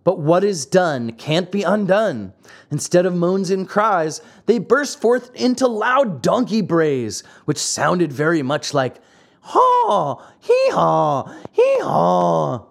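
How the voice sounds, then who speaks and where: A man reading a classic fairy tale aloud, dramatic and expressive. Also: high voice, slow pace. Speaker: narrator. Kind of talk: storybook reading.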